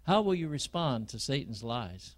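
A male preacher giving a sermon, telling a dramatic story to his listeners in a slow, deliberate way. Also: medium pitch, sing-song.

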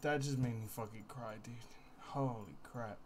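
A man's voice: medium pitch, moderate pace, darkish tone. A male streamer in casual live-stream chat, breathless and laughing hard between his words. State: laughing to tears.

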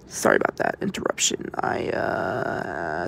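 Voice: mid-range voice, unhurried, vocal fry, long pauses, background noise. A young vlogger giving rambling, stammering walkthrough commentary who often drops to a whisper. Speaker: vlogger touring an exhibit.

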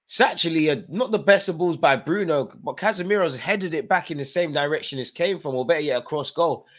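A man's voice: a little high, brisk, a bit bright. A tired man hosting a live football watchalong, chatting through play-by-play with fan reactions. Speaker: watchalong host.

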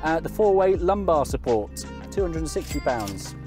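A man's voice: fairly high pitch, big pitch swings, normal speed, over music. A man who reviews cars in a chatty, wry way with joking asides. He talks while driving a car on country roads.

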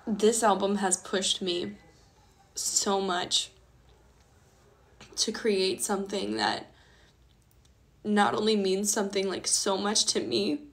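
A woman's voice: mid-range voice, expressive, takes it slowly, pauses often. A woman musician talking casually on a livestream while crying, emotional and rambling with lots of fillers.

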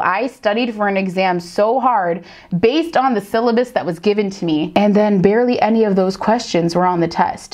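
A woman teacher giving casual reaction commentary, animated and dramatic, slipping into quick put-on voices. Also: mid-range voice.

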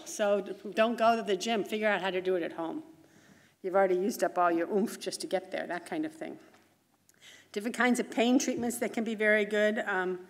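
Chatty woman lecturing in a hall. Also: medium pitch. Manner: brisk, chatty, self-interrupting with asides. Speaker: physician and researcher. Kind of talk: conference lecture. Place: large conference hall.

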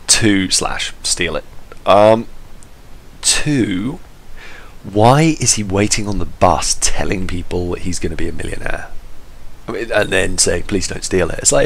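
A man's voice: low-pitched, a little slow, creaky, slightly rough, rough recording. A man giving casual let's-play commentary, rambling and jokey and going off on tangents.

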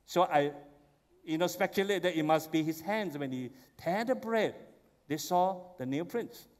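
A man preaching a sermon, telling the story with animated, excited exclamations. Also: a little high, measured pace. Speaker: pastor. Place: church sanctuary. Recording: long church hall reverb.

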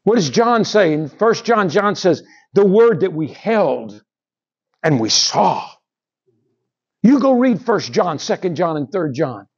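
A high-pitched male pastor delivers a sermon, rising to loud emphasis and then dropping to a near whisper. The recording is dull and lo-fi, like a simple church capture. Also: sing-song, slow, breathy edge. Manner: dramatic preaching with wide swings between loud and hushed.

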